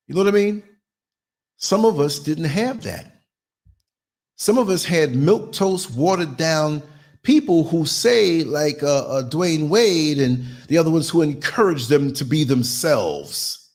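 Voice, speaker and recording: A man's voice: on the high side, lively intonation, a little slow, a little mellow. A man hosting a solo podcast, talking bluntly and preachily and acting out the voices of the people he quotes. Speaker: podcast host.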